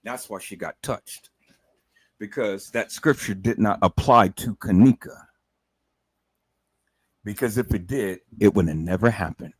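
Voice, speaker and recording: A man's voice: lowish voice, unhurried, pauses often, breathy edge, dry recording, poor audio. A man giving heated livestream commentary, cursing heavily and repeatedly addressing his audience in an angry, incredulous rant.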